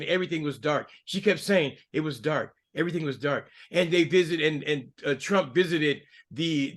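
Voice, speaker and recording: Animated, heated male podcast co-host. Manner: heated, rising pitch when angry. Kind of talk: casual political commentary.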